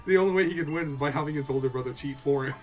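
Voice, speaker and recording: A man giving casual gaming commentary as a let's play co-host, excitable and laughing often. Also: fairly high pitch, very fast, faint music behind.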